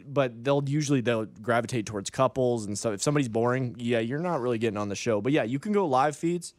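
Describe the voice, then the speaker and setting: A man's voice: mid-range voice, fast talker, dry recording, clean studio sound. A man co-hosting a casual podcast chat, explaining things in a rambling, enthusiastic way. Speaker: podcast co-host.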